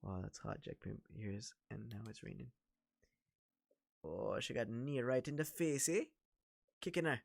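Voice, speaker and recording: A man with a Toronto accent, giving chatty, excitable commentary during a wrestling watch-along livestream. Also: medium pitch, a little slow, gravelly, long pauses, dry recording, clean studio sound. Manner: chatty, excitable, reacts to the action. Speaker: livestream host.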